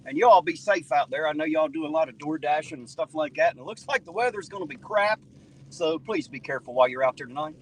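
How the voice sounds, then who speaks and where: A man's voice: a little high, quick pace, breathy edge, low-quality recording. A man from southern Ohio with a slight twang, chatting folksy and profane with viewers on a live stream while driving his car. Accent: Southern Ohio, close to Kentucky and West Virginia. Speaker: livestreaming auditor. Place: in a car at night.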